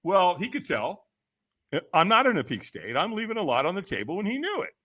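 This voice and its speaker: A man recounting a personal story as a podcast guest, his slightly high voice swooping widely. The tone is bright and forceful, and he punches his points home, jumping into sudden shouted quotes. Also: fairly quick, breathy edge. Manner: lively, emphatic, acts out quotes with sudden shouts. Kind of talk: animated storytelling in conversation.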